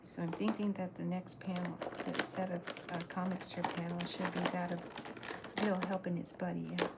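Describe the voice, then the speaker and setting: Soft-spoken woman, lowish voice, musing ASMR cartoonist, noisy recording. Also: little pitch movement, normal speed, creaky. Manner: soft-spoken, musing aloud, drifting into whispers. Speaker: streaming cartoonist. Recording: noisy background hiss.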